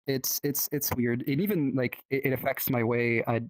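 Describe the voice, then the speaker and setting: A native French speaker with a French accent chats casually in English as a podcast guest. His medium-pitched voice holds a steady tone with no room sound, and his speech halts often with restarts and fillers.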